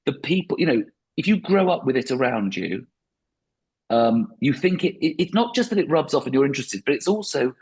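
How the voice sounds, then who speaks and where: A man's voice: medium pitch, big pitch swings, fairly quick, darkish tone, husky. A man, a stand-up comedian, talking reflectively in a podcast interview with frequent restarts.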